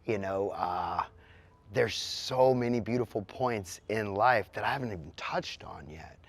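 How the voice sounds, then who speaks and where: A man's voice: on the low side, measured pace, no echo. A middle-aged man, a musician, answering interview questions bluntly and with animation. He swears now and then and mimics sounds with his voice.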